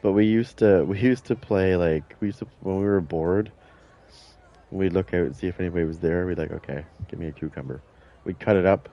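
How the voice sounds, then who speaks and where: A man with a deep voice talks fairly quickly through dull-sounding audio. Streaming a game, he chats casually, boasting and swearing often as he acts out quotes in his stories.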